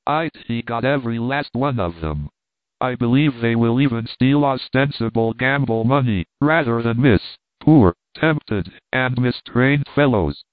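A man reading the part of a scornful stranger who gloats over the town he has tricked, in a measured, mocking way. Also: medium pitch, animated, dry recording, lightly acted. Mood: gloating. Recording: dry, tinny phone-like sound.

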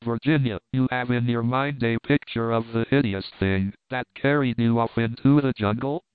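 A man voicing a scheming male doctor who talks in a solemn, measured, persuasive way. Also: mid-range voice, fairly even intonation, clean tone, no room sound, natural voice. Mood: grave. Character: scheming grave male doctor, middle-aged. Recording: narrow phone-like band.

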